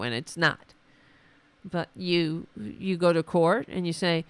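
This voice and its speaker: A hoarse woman losing her voice, hosting a livestream with sarcastic, exasperated political commentary. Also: fairly low pitch, very animated, a little slow, dry recording. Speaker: livestream host.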